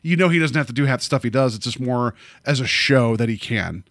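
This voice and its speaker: A man chatting casually about a movie, animated and rambling, full of fillers and restarts. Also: medium pitch, fairly quick, no room sound, studio quality.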